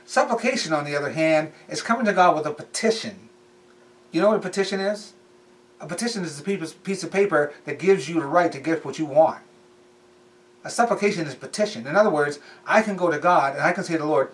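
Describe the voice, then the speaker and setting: Conversational preacher, slightly high. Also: male voice, fairly quick, far from the mic. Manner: conversational, repetitive, emphatic preaching. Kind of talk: sermon.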